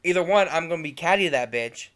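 Catty, animated man, bright voice. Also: on the high side, clean tone. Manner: animated, catty, quick asides. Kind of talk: casual chat.

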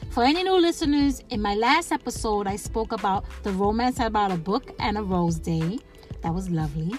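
A woman's voice: mid-range voice, animated, a little fast, faint music behind. A woman hosting a casual solo podcast, chatting in a rambling way with lots of fillers, restarts and laughs. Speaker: podcast host.

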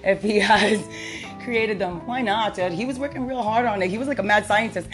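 A woman's voice: mid-range voice, brisk, soft background music. A woman hosting a casual solo podcast, rambling with fillers and laughing easily. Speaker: podcast host.

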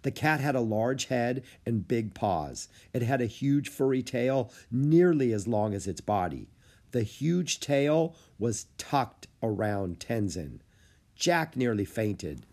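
A man narrating a children's chapter book aloud. His pitch is lively and expressive, and he keeps a steady storyteller's flow. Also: takes it slowly. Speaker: audiobook narrator.

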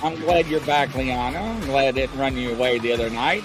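A man co-hosting a casual talk show, telling a rambling, animated story. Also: mid-range voice, brisk, over music. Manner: animated, rambling storyteller who acts out voices. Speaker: co-host.

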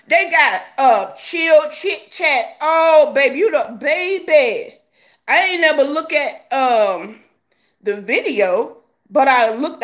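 A woman's voice: high voice, a bit bright. A woman vlogger giving sassy, laughing gossip commentary, calling viewers honey and baby.

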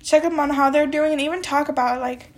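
A woman's voice: high-pitched, steady tone, fast talker. A young woman with a little cold hosting a casual solo podcast, rambling and chatty, full of "like" and "um". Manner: rambling, chatty, heavy use of "like" and "um". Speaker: podcast host.

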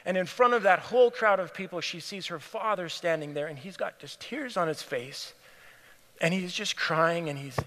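A man preaching a sermon, telling a story in an earnest way and often dropping to a hushed, near-whispered voice. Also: high-pitched, moderate pace. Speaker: pastor. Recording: long hall reverb.

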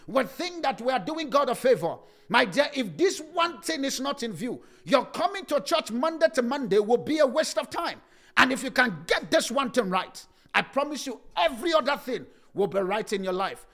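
A man preaching a sermon with passion, swinging into sing-song cadences and rising to shouts. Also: very high-pitched.

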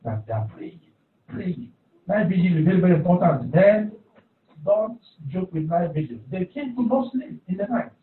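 A pastor with a high-sitting voice and lively intonation preaches a sermon at normal speed in a church hall. He repeats his phrases and calls for responses from the congregation, and the recording sounds echoey, distant, and phone-like.

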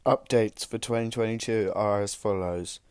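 Loud music plays behind a young male podcast host who talks solo, exhausted and self-mocking as he rambles. He has a lowish voice with fairly even intonation and speaks at normal speed.

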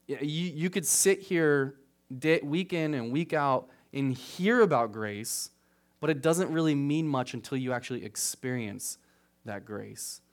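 A man preaching a casual, conversational sermon as pastor, often checking in with "right?", getting animated on asides and dropping quiet on serious points. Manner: conversational, keeps asking "right?"; rises animated at asides, drops low on solemn points.

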